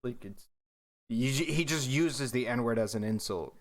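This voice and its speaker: A man's voice: mid-range voice, unhurried. A young man hosting a reaction video, talking loosely and slangily as he comments, with frequent "dude". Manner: loose, slangy, rambling, says dude a lot.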